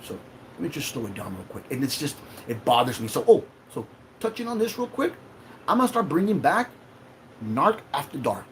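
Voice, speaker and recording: A man's voice: on the high side, very animated, fairly quick, background noise. Agitated man ranting on a livestream. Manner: emotional, profane, confrontational. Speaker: livestream host. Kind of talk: heated livestream rant.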